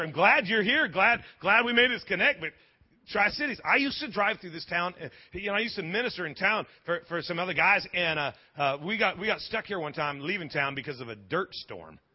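A man preaches in a church with a husky edge to his voice, his pitch swinging widely as he jokes and stumbles through quick restarts. The live sermon audio sounds dull and lo-fi. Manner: animated, joking preacher with stammering restarts. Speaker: pastor. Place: church sanctuary.

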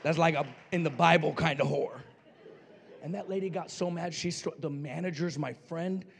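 A middle-aged male pastor from New Mexico preaching through a funny personal story. He has a slightly high voice and moves from quiet, confiding asides to loud shouted lines, acting out the voices of the people he describes. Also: moderate pace, gravelly, slight background noise. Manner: playful, acts out voices in his stories. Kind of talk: storytelling sermon.

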